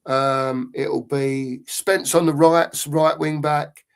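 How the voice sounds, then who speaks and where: A man's voice: a little high, steady tone, slow pace, smooth. A middle-aged man co-hosting a football fan channel, chatting loosely on a live stream and reading out viewer comments. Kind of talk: casual live-stream chat.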